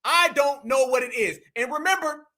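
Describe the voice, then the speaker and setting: A man's voice: extremely high pitch, normal speed, bright, forceful tone. An American man hosting a live stream, giving incredulous, slangy and mocking reaction commentary. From United States.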